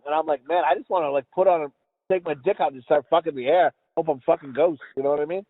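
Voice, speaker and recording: A man's voice: on the high side, steady tone, rapid-fire, no echo. A man co-hosting a podcast, rambling through crude jokes and laughing often. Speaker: podcast co-host. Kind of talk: crude casual banter. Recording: tinny phone-like sound.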